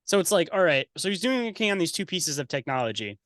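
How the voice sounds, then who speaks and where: A man's voice: a little high, big pitch swings, fast, fairly bright tone, no echo, studio quality. Blunt, profane man on a podcast. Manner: blunt, profane, conspiratorial rant. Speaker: podcast guest. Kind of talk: casual chat.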